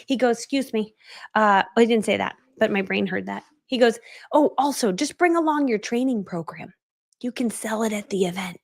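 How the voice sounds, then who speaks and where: A woman's voice: a little high, moderate pace, vocal fry. A middle-aged woman coaching on a live stream, telling her story animatedly and acting out the voices of the people in it. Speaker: online business coach.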